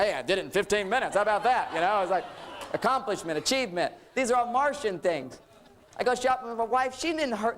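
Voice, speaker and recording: A man delivers a relationship seminar in an easy, joking way. He keeps slipping into quick impressions of husbands and wives to make his points. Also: high-pitched, a bit bright. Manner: joking, acts out quoted couples. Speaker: relationship lecturer. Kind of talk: humorous seminar talk.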